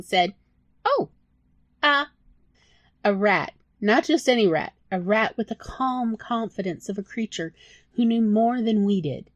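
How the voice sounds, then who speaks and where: A woman narrating her own story in a soft, emotional audiobook style. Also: medium pitch, no room sound. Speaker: author reading own story.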